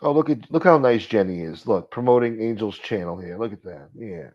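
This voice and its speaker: On a casual livestream, a male host mutters low replies to his viewers' typed comments, his intonation lively and his pace a touch fast. The stream audio is dull and lo-fi.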